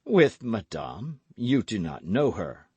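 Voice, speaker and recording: A cool, self-possessed foreign lord , as a male audiobook narrator voices him, answering briefly and evenly. The reading is dry and close to the microphone, with lively pitch. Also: slow, breathy edge, dry recording, exaggerated voice. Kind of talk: audiobook character voice.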